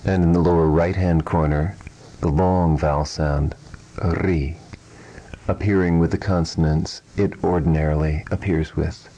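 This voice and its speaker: A man teaching a pronunciation lesson, speaking in a measured, precise way and saying each sound twice. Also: low voice, steady tone, warm tone, muffled recording. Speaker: language teacher. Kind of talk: slow, deliberate pronunciation lesson.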